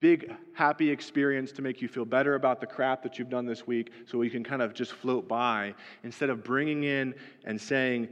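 A man's voice: medium pitch, steady tone, normal speed, few pauses. A male pastor preaching a sermon in a conversational way, often checking in with "right?". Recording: dull lo-fi sound with long hall reverb.

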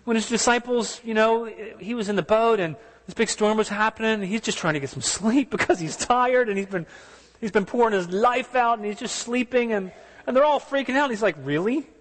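Man, pastor, high-pitched, earnest conversational sermon, rhetorical questions, long hall reverb. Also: fairly quick.

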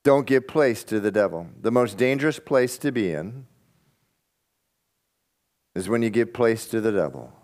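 A man preaching a sermon, reading scripture and swinging between loud emphatic bursts and quiet, intense asides. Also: on the low side, lively intonation, unhurried, long pauses. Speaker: pastor.

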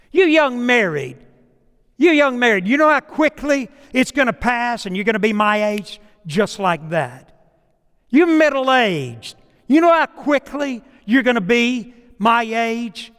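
A man's voice: very high voice, fairly bright tone, clean tone, long reverb tail. A middle-aged male pastor preaching a sermon, telling stories and acting out the dialogue in them.

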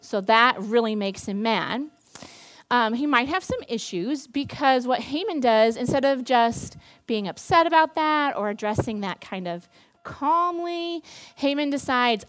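A woman's voice: fairly high pitch, animated, unhurried, a bit bright. Chatty young woman retelling a Bible story. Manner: chatty, playful, acts out quoted characters. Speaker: campus ministry staff speaker.

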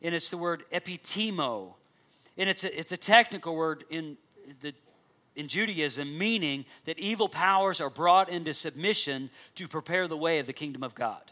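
Bright-voiced high-pitched male preacher. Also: normal speed. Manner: earnest preaching, reads scripture aloud, some restarts. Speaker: pastor. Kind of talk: sermon.

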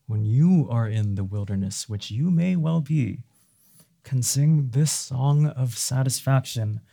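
A man's voice: fairly low pitch, creaky, warm tone. A man preaching a sermon in an earnest way, now and then rising to fervent emphasis.

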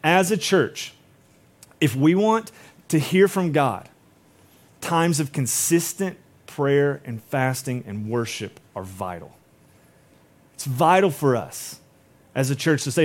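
A man's voice: mid-range voice, lively intonation, takes it slowly, long pauses. A middle-aged man preaching a sermon as a pastor, conversational and acting out quoted voices.

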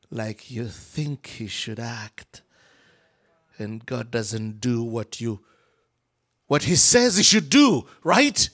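A man preaching a sermon in a church with a Ugandan accent, swinging between shouts and whispers and acting out the people in his story. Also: mid-range voice. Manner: animated, swings from shouting to whispering, acts out voices.

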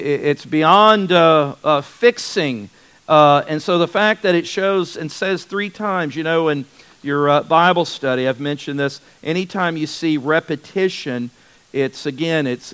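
A man's voice: on the high side, bright, forceful tone, clean tone, poor audio. A man teaching a Bible study in a conversational way, often repeating words for emphasis and restarting his sentences.

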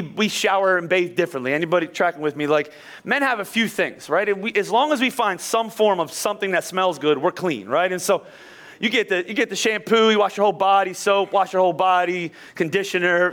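A pastor in his forties, a man from Philadelphia, preaches in a loose, conversational way, full of asides and self-deprecating stories. His voice sits high and sounds bright and forward, and he keeps restarting phrases as he talks. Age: 40s. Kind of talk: conversational sermon with personal stories.

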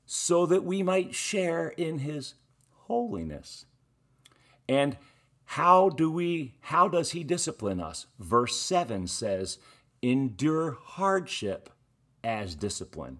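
Male pastor, middle-aged, unhurried sermon delivery, conversational with emphatic key words. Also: medium pitch, a bit bright, breathy edge.

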